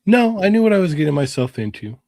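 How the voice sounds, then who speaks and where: A man co-hosting a podcast, telling a lively story and acting out voices and engine sounds. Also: high-pitched, fast talker, vocal fry. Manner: animated storyteller, acts out quotes and sound effects. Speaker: podcast co-host. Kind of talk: casual storytelling.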